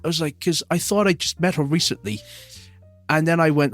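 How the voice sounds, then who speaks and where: A man's voice: fairly high pitch, sing-song, a little fast, faint music behind. A man co-hosting a podcast, teasing his partner with dry wisecracks. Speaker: podcast co-host. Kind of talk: casual chat.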